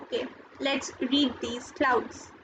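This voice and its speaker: A woman teaching a recorded school lesson, explaining each word slowly and carefully and repeating it. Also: high voice, little pitch movement. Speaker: French teacher. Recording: dull lo-fi sound, faint noise.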